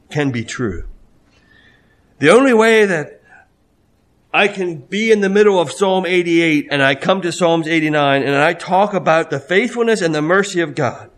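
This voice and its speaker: Brief: male preacher, slightly higher voice, reads scripture with building intensity and drawn-out pauses, comments in a hushed low tone. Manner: reads scripture with rising, swelling emphasis and slow dramatic pauses. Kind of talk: sermon with scripture reading.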